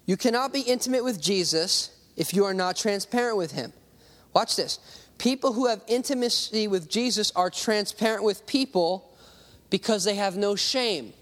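A man's voice: high voice, normal speed, fairly bright tone. A male pastor preaching a conversational sermon, acting out little voices and talking straight to the congregation. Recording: long hall reverb.

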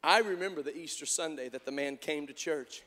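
Man, pastor, sermon, high bright voice, long church reverb. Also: fairly quick. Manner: swings from quiet storytelling to shouted preaching.

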